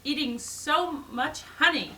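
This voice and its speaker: A fussy male rabbit speaking in a prim, measured manner, as a woman retells the story. Slightly raised pitch, with noise in the background. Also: expressive, bright, forceful tone, exaggerated voice.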